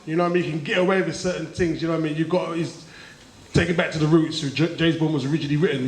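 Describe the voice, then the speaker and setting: Cockney comedian hosting a live show. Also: male voice, on the high side, rapid-fire. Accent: Cockney London. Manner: chatty, playful, uses slang. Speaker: stand-up comedian and host. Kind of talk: stand-up comedy. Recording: echoey live room with audience.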